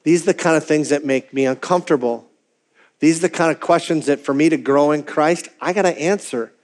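A man's voice: a little high, brisk, darkish tone. A man preaching a sermon as pastor, talking candidly and conversationally, often restarting and repeating words as he goes. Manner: conversational and candid, acting out his own quoted thoughts.

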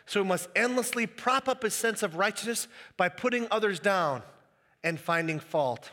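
A man preaching a sermon as pastor, animated and acting out the quoted voices. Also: sits high, moderate pace, in a large hall.

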